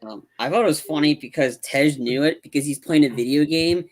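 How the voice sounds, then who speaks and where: A man's voice: on the high side, brisk, slight background noise. Rambling man retelling movie scenes. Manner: rambling, acts out film lines in animated bursts. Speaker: podcast co-host. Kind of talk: casual movie review chat.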